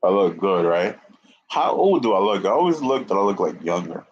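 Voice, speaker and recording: Deep-voiced with big pitch swings, a man in his twenties talks at a moderate pace on a live stream, swearing and rambling. He keeps repeating himself, restarting and sounding a bit winded. A fan runs in the indoor room, and the stream audio is muffled and lo-fi.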